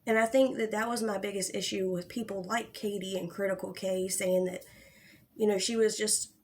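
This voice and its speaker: A woman's voice: medium pitch, steady tone, moderate pace. Young female drama-channel host; casual, outspoken, swears freely, mid-range voice. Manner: blunt and profane, with frequent restarts. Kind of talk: casual livestream commentary.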